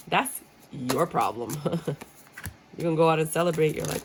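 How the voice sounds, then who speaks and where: Blunt, gravelly-voiced woman tarot reader. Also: on the low side, moderate pace, slight background noise, poor audio. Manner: blunt, joking, acts out clients' reactions. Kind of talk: casual tarot reading. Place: room with a squeaky chair.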